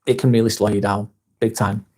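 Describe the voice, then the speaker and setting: A man's voice: on the low side, little pitch movement, fairly quick, a little mellow. An English man hosting a live vlog, chatting casually, reading out viewer comments, blunt and swearing freely.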